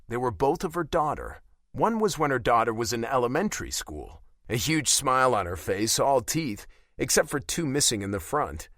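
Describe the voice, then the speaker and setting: A man's voice: mid-range voice, a bit bright, no echo, clean studio sound. A man reading a first-person romance audiobook and voicing the dialogue expressively. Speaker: audiobook narrator.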